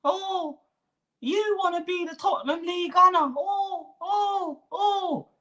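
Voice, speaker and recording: A man doing a very high, slow-drawling smug fan who mocks and nags. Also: sharp tone, heavily acted. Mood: mocking. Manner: drawn-out sneering taunts. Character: whiny mocking male fan, nagging and smug.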